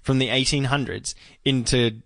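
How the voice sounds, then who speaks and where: A man's voice: medium pitch, fairly even intonation, moderate pace, gravelly, a bit bright, dry recording. A young Australian man hosting a podcast, chatty and rambling in casual conversation. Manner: rambling, chatty, laughs easily. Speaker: podcast host. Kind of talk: casual chat.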